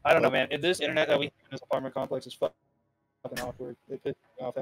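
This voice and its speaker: A man's voice: mid-range voice, fairly even intonation, racing, vocal fry, faint music behind. A young man gaming with a friend, teasing him with dry, crude jokes. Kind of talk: casual gaming banter.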